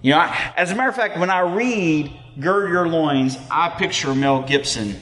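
A man's voice: a little high, animated, moderate pace, fairly bright tone. Guy preaching in a church hall, chatty and loose, lots of ums, voice rings around the room. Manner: conversational, self-deprecating, many fillers. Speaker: pastor. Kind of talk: sermon. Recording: long reverb of a hall.

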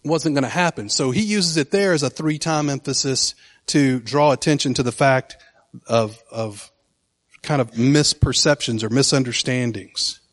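A man's voice: medium pitch, moderate pace. A man teaching from the Bible in a casual, enthusiastic way, with frequent fillers and restarts. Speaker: preacher.

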